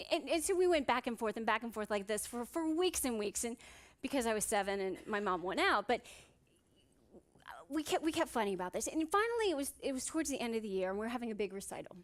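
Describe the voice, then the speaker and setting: A woman's voice: a little high, fairly bright tone. A woman psychiatrist giving a motivational conference talk on stage, telling humorous stories and asking the audience rhetorical questions.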